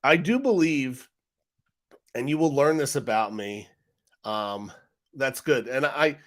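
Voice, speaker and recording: A man's voice: medium pitch, expressive, slow pace. A man hosting a casual livestream, talking straight to his viewers in a frustrated, rambling way. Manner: frustrated, rambling, talks to chat directly. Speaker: live stream host.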